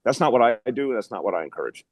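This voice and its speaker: A man's voice: medium pitch, big pitch swings, slightly rough, dry recording, muffled recording. An older man, a former mayor, speaking earnestly as a guest on a political talk show over a video call. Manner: earnest, measured, with frequent restarts.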